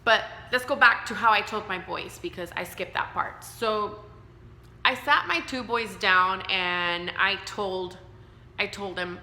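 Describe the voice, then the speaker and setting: A woman's voice: medium pitch, unhurried, bright, forceful tone. A woman in her thirties telling a personal story in a casual, candid way, sometimes with profanity, acting out the voices of people she quotes. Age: 30s. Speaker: vlogger sharing her cancer story. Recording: echoey room with faint hiss.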